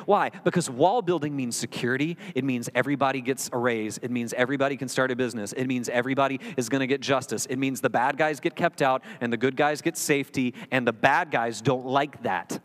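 A middle-aged man preaching a sermon as a pastor, animated and jokey with mocking asides, recorded in a church hall. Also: a little high. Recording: reverberant hall with mains hum.

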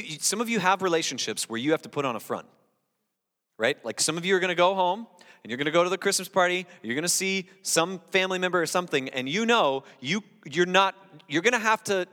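A male pastor giving a conversational sermon, lively and talking straight to the congregation, often restarting and repeating words. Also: high voice. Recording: long reverb in a large hall.

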